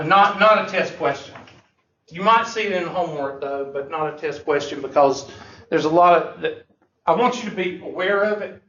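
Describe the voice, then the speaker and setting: High-voiced guy teaching math, jokey, far off in an echoey classroom. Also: fairly bright tone, a little hiss or hum. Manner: joking, folksy, drawled Southern phrasing. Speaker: math instructor. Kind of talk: classroom lecture. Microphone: far room mic. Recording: echoey, distant, muffled classroom recording.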